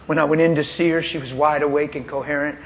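Quick-paced and a little high, with a steady tone, a man gives a sermon testimony over slight background noise. He's pointed and straight-talking, animated as he tells his story and laughing often.

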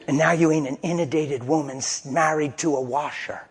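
A male preacher whose slightly high voice has a rough, husky grain. He preaches in a folksy, down-to-earth way, driving his points home with plain talk and stories. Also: fairly even intonation, brisk. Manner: folksy, colloquial, emphatic storytelling. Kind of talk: sermon.

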